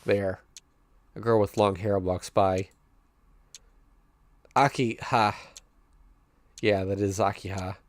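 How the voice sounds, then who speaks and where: A man streaming, reading a visual novel aloud in steady first-person narration and breaking off now and then with chuckling asides. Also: fairly low pitch, slow, pauses often, no echo.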